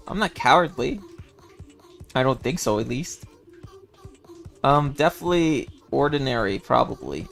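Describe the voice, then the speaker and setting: A man's voice: mid-range voice, animated, measured pace, creaky, pauses often, a bit bright, soft background music. A young man streaming a casual chat as a playful, giggly, self-deprecating cat-boy persona.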